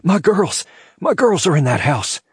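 A man's voice: mid-range voice, fast, breathy edge, dry recording, clean studio sound, pitched above the performer's own voice, close to an everyday voice. A man doing a desperate firefighter husband. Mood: shouting. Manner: shouting in panic, then gentle and reassuring with a child.

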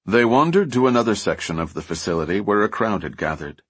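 Low husky male audiobook narrator. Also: quick pace, no room sound. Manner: lively storytelling, voices characters lightly. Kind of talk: scripted narration.

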